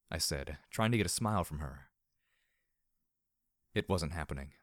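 A man narrates a first-person audiobook at a steady, measured pace. His voice is very deep. The recording is dry, with no room sound at all. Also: no echo.

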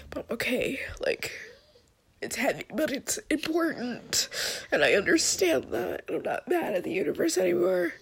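A woman's voice: sits high, sing-song, unhurried, vocal fry. A young woman crying as she talks through a personal vlog at home, raw, rambling and swearing. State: crying, sniffling. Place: indoors at home, in bed.

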